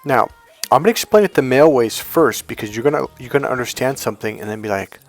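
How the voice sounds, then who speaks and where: A man's voice: medium pitch, fast talker, faint music behind. A middle-aged man coaching men on dating, talking bluntly with plenty of swearing and acting out the voices of the people he quotes. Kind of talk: direct-to-camera coaching talk.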